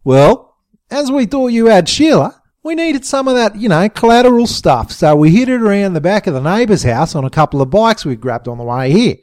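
A cheeky, battered young bogan voiced by a man, talking his way out of trouble in a lively, raised voice. The sound is dry and close. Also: high-pitched, normal speed, dry recording, voice pushed up.

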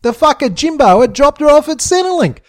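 A man narrating a comic story in a profane, expressive way. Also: very high-pitched, brisk.

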